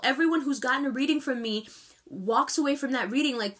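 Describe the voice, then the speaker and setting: A woman's voice: medium pitch, quick pace, fairly bright tone. A woman in her thirties giving a tarot reading straight to her viewers, speaking with emphatic, impassioned directness. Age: 30s. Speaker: tarot reader. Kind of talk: direct-to-camera monthly reading.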